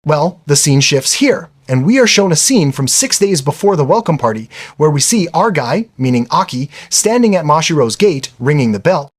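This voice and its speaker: A man's voice: on the high side, animated, moderate pace. A man narrating an anime episode recap in a chatty, casual storytelling way, often calling the listener brother. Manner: chatty, says "brother" and "literally".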